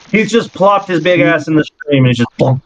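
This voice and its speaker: A man's voice: on the high side, lively intonation, normal speed, dry recording. A man running a tabletop game as game master, narrating descriptively with fillers and chuckles. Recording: dry, muffled lo-fi audio.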